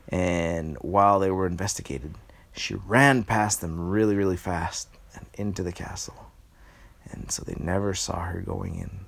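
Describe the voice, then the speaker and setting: Low, gravelly man telling a made-up story. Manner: halting, with many pauses and fillers. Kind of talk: improvised bedtime story.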